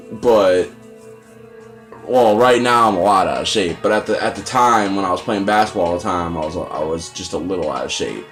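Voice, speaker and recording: A young man giving casual, rambling gameplay commentary, profane and self-deprecating. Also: sits low. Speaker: let's play gamer.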